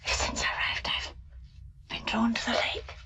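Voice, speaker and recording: An actress playing a worn-out, dreamy young woman who talks in a hushed, half-whispered, wandering way. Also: normal speed, natural voice, low-quality recording. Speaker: actress in a film. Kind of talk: 1960s film drama acting.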